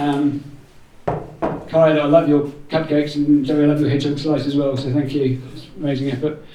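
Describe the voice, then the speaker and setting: A man's voice: fairly high pitch, flat delivery, moderate pace, over a noisy crowd, heavy background noise. A man gives an informal thank-you speech to a gathering, rambling a little with jokey asides. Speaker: event organiser giving thanks. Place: indoor community room. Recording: roomy hall, voice from far off.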